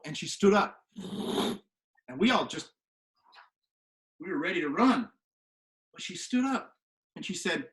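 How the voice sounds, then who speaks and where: A man telling a story to the camera from his home kitchen, animated and swinging from hushed to loud. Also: sits high, a little slow, long pauses. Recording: echoey kitchen room.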